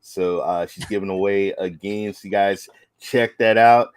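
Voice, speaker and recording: A man's voice: on the low side, steady tone, normal speed, clear, resonant tone, no room sound. A man co-hosting a casual online chat show, rambling through announcements with plenty of fillers. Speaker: co-host.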